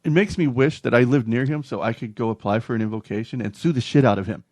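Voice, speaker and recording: A man's voice: medium pitch, fast talker, a little mellow, no room sound. A man from North Carolina hosting a podcast in casual, joking chat with frequent restarts. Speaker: podcast host.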